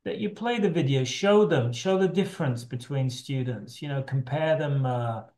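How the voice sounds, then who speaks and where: A man's voice: medium pitch, normal speed, a little mellow. A middle-aged man leading an online teacher training session, talking loosely with frequent restarts over a video call. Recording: echoey room on a video call.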